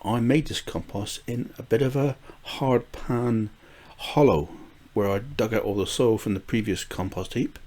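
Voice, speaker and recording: A slightly mellow, medium-pitched voice belongs to an older UK gardening vlogger who speaks unhurriedly, with hardly any pauses. He meanders casually, using frequent fillers, restarting himself and chuckling a little.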